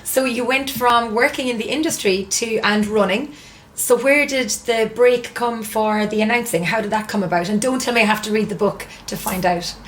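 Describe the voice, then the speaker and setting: A woman's voice: a little high, moderate pace, a little hiss or hum. A woman with an Irish accent hosting a podcast, asking friendly questions. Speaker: podcast host. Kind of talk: casual interview.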